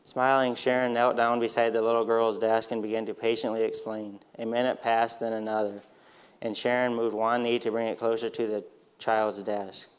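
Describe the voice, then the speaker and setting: A man reading a storybook aloud in a steady, gentle manner. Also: mid-range voice, normal speed, clear, resonant tone.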